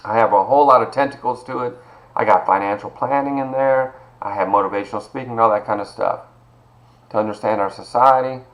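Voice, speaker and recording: A man's voice: mid-range voice, brisk, reverberant, poor audio. A middle-aged man teaching an online college class, speaking in a personal, encouraging way and greeting students by name. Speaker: college instructor. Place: video call from home.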